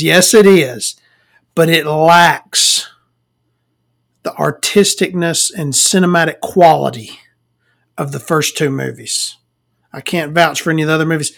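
A tired man hosting a solo podcast from a small dark room at home, talking casually into a desk microphone and rambling between jokes with lots of fillers. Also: fairly high pitch. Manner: rambling and joking, with many fillers. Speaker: podcast host.

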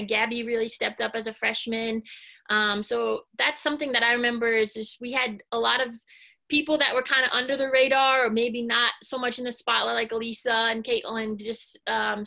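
Her voice is fairly high with some vocal fry. She's a woman in her thirties, once a college basketball player and now a coach, giving soft-spoken, hesitant answers full of pauses and fillers in a casual interview.

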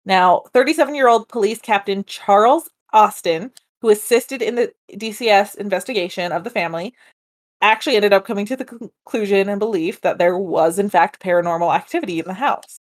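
A woman's voice: mid-range voice, fairly quick. A woman co-hosting a podcast, telling a paranormal case in a loose, chatty way and laughing often. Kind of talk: casual storytelling chat.

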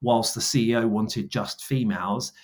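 A man in his forties, a guest on an interview podcast, telling stories with lively quoted dialogue. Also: on the low side, normal speed. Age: 40s. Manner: animated, acts out dialogue in quoted voices. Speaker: guest, brand founder. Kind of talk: storytelling interview answers.

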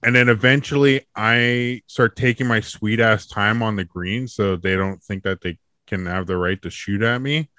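Low-voiced man telling a profane story. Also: normal speed, few pauses, bright, forceful tone, no echo, studio quality. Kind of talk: casual chat, storytelling.

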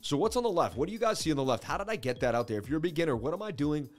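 A man's voice: a little high, animated, racing, soft background music. Rambling, self-assured male market host. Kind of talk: casual livestream market analysis.

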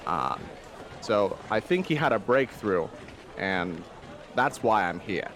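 A man's voice: on the low side, big pitch swings, takes it slowly, fairly bright tone, a little hiss or hum. A man playing a tabletop game, speaking in a hesitant, filler-heavy way. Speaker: player. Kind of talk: tabletop game role-play.

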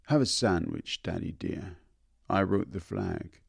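A man voicing an eager, soft-hearted young girl in a storybook reading, speaking earnestly and softly. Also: low voice, measured pace, vocal fry, breathy edge, dry recording, studio quality, full character voice.

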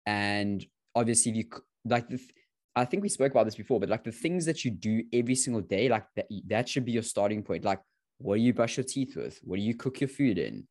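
Man, podcast co-host, very low pitch, dry recording, halting casual talk. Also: lively intonation, a little mellow, no echo. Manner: searching for words, repeats and restarts.

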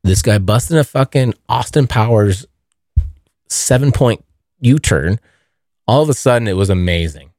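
Man, young adult, podcast host, rambling casual storytelling, heavy swearing, animated pitch, dry close sound. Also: normal speed, long pauses, no echo. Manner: rambling, heavy swearing, addresses listeners as dude.

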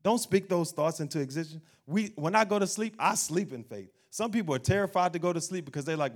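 A man preaching an animated sermon as pastor, acting out doubting voices and laughing along the way. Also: fairly high pitch, brisk, hardly any pauses.

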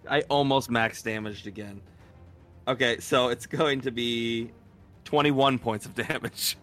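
A man's voice: medium pitch, steady tone, unhurried, a bit bright, soft background music. A man playing a tabletop game, loosely narrating his character's actions with laughs and fillers. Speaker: player.

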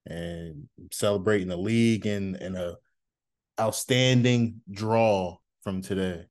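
A man's voice: lowish voice, expressive, takes it slowly, creaky, darkish tone, dry recording, clean studio sound. A man co-hosting a casual sports podcast, talking in a laid-back, chatty way. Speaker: podcast co-host. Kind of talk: casual chat.

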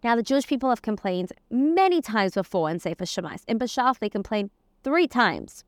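A woman's voice: fairly high pitch, sing-song, fairly quick, no room sound, clean studio sound. A woman giving a conversational Torah lesson, weaving Hebrew terms and verses into her explanation. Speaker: Torah teacher. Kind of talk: casual spoken lesson on the weekly portion.

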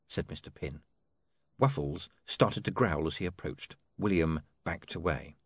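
A man giving an expressive, measured audiobook narration. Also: low voice, no room sound.

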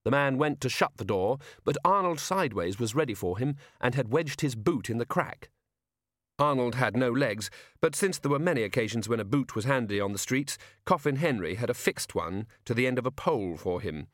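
A man reading a novel aloud as an audiobook narrator, with wry, expressive storytelling. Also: medium pitch, brisk, no echo, clean studio sound. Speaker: audiobook reader. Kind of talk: scripted narration.

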